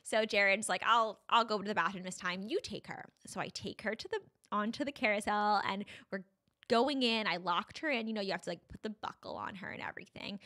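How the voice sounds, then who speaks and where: A woman's voice: medium pitch, sharp tone. A young woman, a podcast guest, retelling a frightening personal story in a breathless, vivid way full of "like"s.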